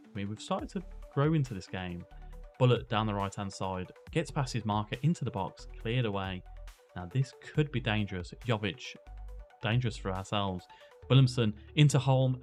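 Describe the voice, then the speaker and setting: Man commentating a football game. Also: on the low side. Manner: excitable match commentary with tactical musing. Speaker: Football Manager streamer. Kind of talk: gameplay commentary.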